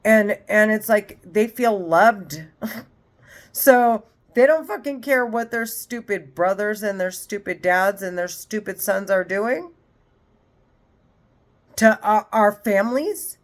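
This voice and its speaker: A woman's voice: mid-range voice, lively intonation, slow pace. A woman in her forties delivering an unscripted monologue, a heated and profane rant that circles back on itself. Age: 40s. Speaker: vlogger.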